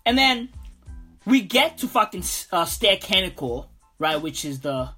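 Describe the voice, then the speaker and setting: A woman's voice: on the low side, a little slow, breathy edge, soft background music. A woman delivering a profane comic rant, repeating "bro" over and over. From South Africa. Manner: animated, profane, repetitive, keeps saying "bro".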